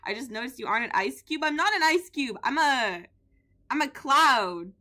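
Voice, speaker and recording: Animated high-voiced woman streamer. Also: normal speed. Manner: animated, goofy, jokey, bursts of shouting. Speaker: gaming streamer. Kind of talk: playful gameplay commentary.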